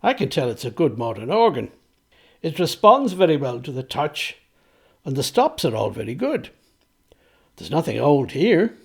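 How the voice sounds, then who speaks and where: A man's voice: fairly high pitch, very animated, moderate pace, vocal fry, pauses often, a little mellow, husky, exaggerated voice. A man reading aloud, voicing an earnest, courteous eighteenth-century composer in formal, old-fashioned speech.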